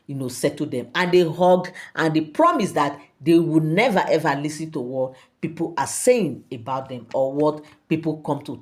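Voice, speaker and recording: Animated Nigerian woman telling gossip. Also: deep voice. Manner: animated, addresses viewers directly. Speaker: channel host. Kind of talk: gossip storytelling.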